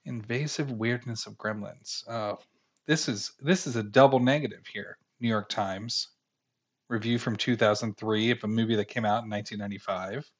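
A man's voice: on the low side, steady tone, brisk, breathy edge. Man, casual podcaster, rambling, sarcastic, fillers, dull lo-fi sound. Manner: rambling, sarcastic about critics, many fillers. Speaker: podcast host. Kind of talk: casual film review chat.

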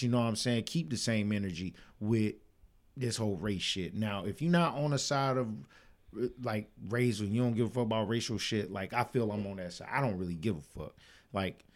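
A man co-hosting a podcast in casual, profane chat, animated and quick to laugh. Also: on the low side. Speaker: podcast co-host.

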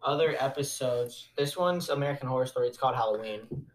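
A man co-hosting a casual podcast chat, speaking in a hesitant, halting way. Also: medium pitch. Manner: hesitant, halting, full of "like" fillers. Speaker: podcast co-host.

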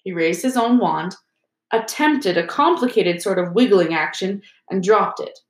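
A woman narrating an audiobook in a steady storytelling manner. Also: mid-range voice, unhurried. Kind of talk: audiobook reading. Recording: roomy echo.

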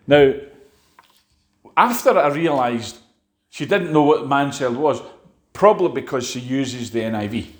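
A man preaching a sermon, halting and restarting often and asking the congregation rhetorical questions. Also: medium pitch, expressive, echoey room. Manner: halting, with frequent fillers and restarts.

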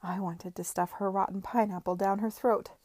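A sulky, spoilt young heiress with a blunt, bitter edge to her words, as a woman reads her part. The voice is mellow and warm. The sound is dry and close. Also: mid-range voice, fairly even intonation, normal speed, no room sound, natural voice.

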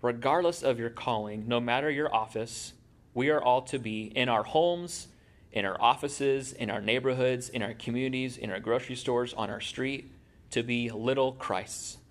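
A pastor preaching a sermon in a church, talking conversationally and making quips to the congregation. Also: male voice, mid-range voice, moderate pace.

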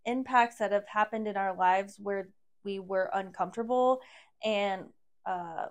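A woman's voice: mid-range voice, a little slow. A woman guest on a podcast, talking in casual chat with a blunt, sassy manner.

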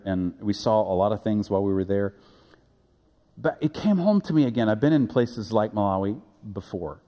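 A man preaching a sermon as pastor, earnest and halting, building to emphatic peaks. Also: fairly low pitch, warm tone. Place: church sanctuary. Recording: echoey church hall.

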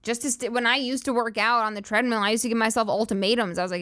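Woman podcast host, higher voice, dry close sound, rambling, swearing, laughing as she riffs. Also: steady tone, quick pace, few pauses, a bit bright, no echo. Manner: rambling, profane, giggly riffing. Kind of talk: casual comedic monologue.

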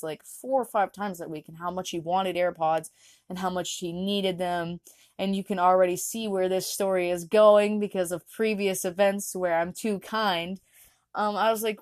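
A woman's voice: medium pitch, normal speed, no room sound, clean studio sound. A young woman casually telling a rambling personal story, often laughing and restarting her sentences. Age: young adult. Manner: rambling, giggly, lots of fillers and restarts. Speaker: vlogger.

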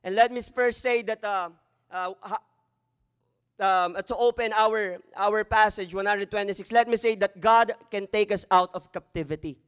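A man's voice: high-pitched, normal speed, fairly bright tone, clean tone. A man preaching a sermon as pastor, slipping Tagalog phrases into his English. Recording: echoey hall.

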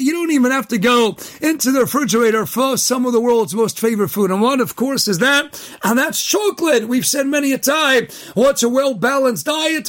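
A middle-aged man with a very high-pitched voice hosts a short daily pep talk. He tells jokes and a personal story with lively energy and sometimes shouts the punchlines. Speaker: host.

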